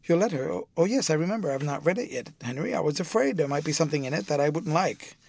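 A man's voice: on the high side, animated, fast, vocal fry, a little mellow. A man reading a passionate young man, Dorian Gray. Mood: pleading. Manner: emotional, dramatic delivery. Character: young man, passionate, anguished, self-absorbed. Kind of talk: audiobook reading.

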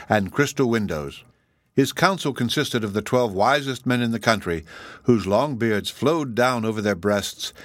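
A man reading a fairy tale aloud in a measured, even storytelling manner. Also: mid-range voice, dry recording. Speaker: audiobook reader. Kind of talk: scripted narration of a fairy tale.

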